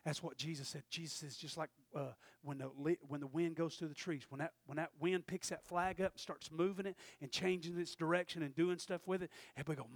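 A man preaching a sermon as pastor, swinging from quiet storytelling to fervent shouting. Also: sits high, fairly even intonation, fairly quick, creaky, dry recording, clean studio sound.

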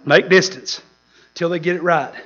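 A man preaching a fiery sermon, with shouted peaks and laughter. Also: a little high, fairly even intonation, moderate pace, highs cut off.

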